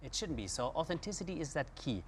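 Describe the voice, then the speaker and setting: A man's voice: fairly high pitch, very animated, quick pace, noisy background. A man co-hosting an interview who chats agreeably, asks questions and gives short answers. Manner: conversational, agreeable, brief answers. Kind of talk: interview chat.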